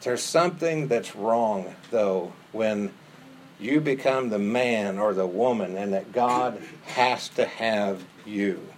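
A man's voice: lowish voice, takes it slowly, a little hiss or hum. A man preaching a sermon in an earnest tone, acting out the quoted prayers with rising intensity. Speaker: pastor.

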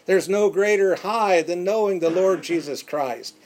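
A man preaching a sermon, emphatic and repeating words for stress, dropping to quiet, drawn-out phrases. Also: high voice.

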